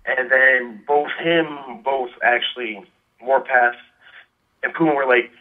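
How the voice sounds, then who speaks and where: A man's voice: mid-range voice, fairly even intonation, slow. Rambling man on a tinny phone line. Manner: rambling storyteller, many fillers. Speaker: guest, wrestler. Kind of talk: casual phone interview.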